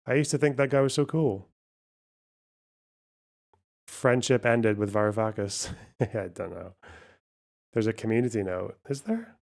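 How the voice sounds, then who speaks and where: A man's voice: fairly low pitch, a little slow, creaky, pauses often, darkish tone. A man hosting a live stream, commenting on news in a casual, profane, sardonic way and thinking aloud. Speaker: streamer host.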